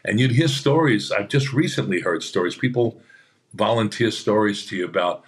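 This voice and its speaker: An actor guesting on a podcast speaks at a normal speed in a voice on the low side. He tells rambling anecdotes chattily, acting out the voices of people he quotes.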